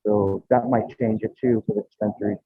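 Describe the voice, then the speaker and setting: A man chatting on a video call, relaxed and brief, mostly giving short agreeing replies. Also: lowish voice, a little fast, husky, no echo, faint music behind. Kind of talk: casual chat. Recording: dry, dull lo-fi video call audio.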